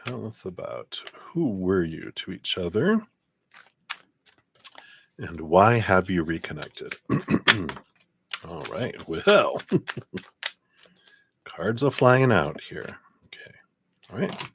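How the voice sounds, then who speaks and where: A man's voice: low voice, very animated, drawn-out words, long pauses, a little hiss or hum. A man giving a casual live tarot reading, chatty and encouraging, thinking aloud as he goes. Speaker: tarot card reader.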